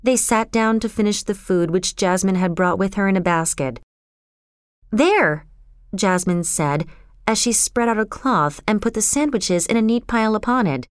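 Woman, audiobook narration, smooth clear voice, dry close sound. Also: mid-range voice, no room sound. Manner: measured, even storytelling.

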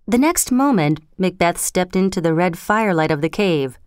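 A woman narrating a storybook in a measured, clear reading. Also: fairly low pitch, lively intonation, no room sound, studio quality.

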